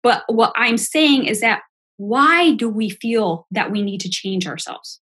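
A middle-aged woman with a slightly high, husky voice chats casually on a podcast. She muses aloud and poses rhetorical questions. Her tone stays reflective and unhurried. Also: lively intonation, a bit bright. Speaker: podcast co-host. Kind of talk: casual chat.

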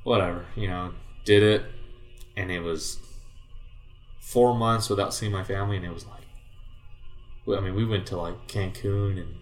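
Low-voiced man telling a rambling story. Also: moderate pace, pauses often. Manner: relaxed, profane, rambling with many fillers. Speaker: guest, former baseball player. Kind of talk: casual storytelling. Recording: roomy echo, faint music.

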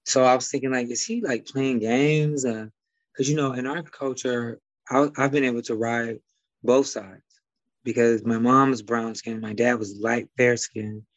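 A man's voice: medium pitch, steady tone, a little slow, no room sound, lo-fi sound. A man from Detroit with a slight Midwest twang, a guest talking casually and rambling with many fillers and restarts. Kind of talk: casual conversation.

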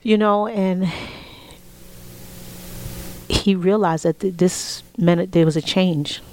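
A woman in her forties telling a personal story in an interview, heartfelt, often dropping to a soft whisper when quoting family. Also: on the low side, steady tone, slow pace, slight background noise, low-quality recording. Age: 40s. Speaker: interview guest.

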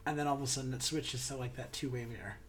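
A woman's voice: extremely low pitch, fairly even intonation, very fast. A woman co-hosting a casual chat, animatedly retelling a musical's plot and acting out the characters' lines. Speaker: podcast co-host.

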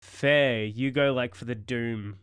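An Australian man in his thirties, co-hosting a casual podcast chat and telling rambling, animated stories. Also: medium pitch, takes it slowly, smooth, dry recording. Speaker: podcast co-host.

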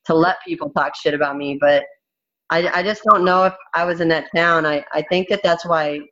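A woman's voice: low-pitched, fairly quick, a bit bright, muffled recording. A woman fighter speaking bluntly and frankly in a candid interview, swearing freely.

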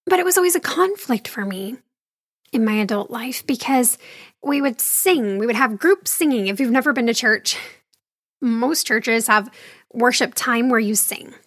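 A woman's voice: on the high side, moderate pace, a bit bright, no echo, studio quality. A woman telling a candid personal story about her faith in a conversational monologue, with wry asides and the occasional sigh. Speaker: speaker sharing her faith journey.

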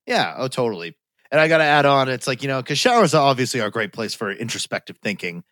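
Male podcast co-host, mid pitch, dry close mic, loose rambling delivery with lots of swearing. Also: very animated, quick pace, sharp tone, no room sound. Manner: rambling, profane, self-deprecating. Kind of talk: casual chat.

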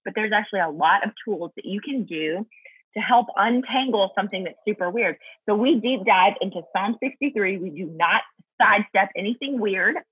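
A woman's voice: mid-range voice, normal speed, husky, no echo, narrow, tinny audio. A woman guest talking earnestly and thoughtfully about Bible study in a casual faith chat, laughing easily.

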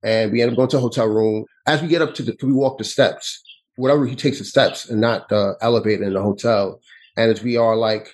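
Husky New man, halting. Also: fairly low pitch, fairly even intonation, low-quality recording. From New York City. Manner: halting, with frequent restarts and repetitions. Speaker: interview guest. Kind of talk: personal storytelling in an interview.

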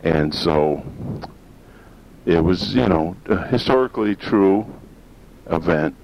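A man's voice: deep voice, lively intonation, takes it slowly, creaky. A man from northern Maine hosting a talk radio show, rambling in a folksy, opinionated way. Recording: dull lo-fi sound with faint hiss.

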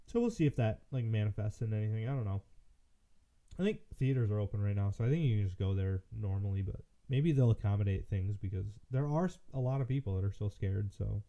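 Man from michigan, tired, rambling talk full of fillers, very dark mellow voice, dull lo-fi sound. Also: on the low side, lively intonation, quick pace. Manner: rambling, hesitant, many fillers and restarts. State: tired, yawning. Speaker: political commentary host. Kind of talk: casual solo commentary. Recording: muffled lo-fi audio.

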